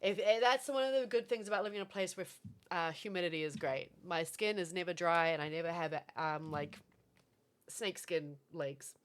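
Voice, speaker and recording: A young woman from Florida, streaming and chatting casually with viewers, animated and swearing now and then. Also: on the low side, normal speed. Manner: animated, swearing, reads out chat. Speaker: livestreamer.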